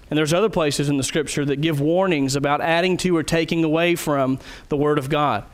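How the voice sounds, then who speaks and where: A man's voice: fairly high pitch, fairly even intonation, brisk, hardly any pauses. A man preaching a sermon as a pastor, earnest and emphatic, putting direct questions to his listeners.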